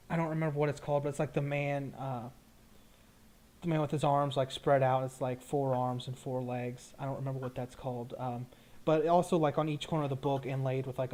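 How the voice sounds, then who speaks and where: A man's voice: medium pitch, a little mellow. A man narrating as game master in a tabletop game, in loose, casual narration full of fillers.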